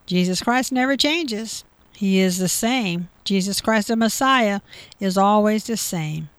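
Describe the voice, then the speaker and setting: A woman's voice: medium pitch, unhurried. A woman leads a devotional, reading scripture and then unpacking it in her own words. She circles back and repeats key phrases for emphasis, in a medium voice. The sound is dry and close, with no room echo. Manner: reads verses aloud then explains with repetition. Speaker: Bible teacher. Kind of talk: devotional Bible reading and commentary.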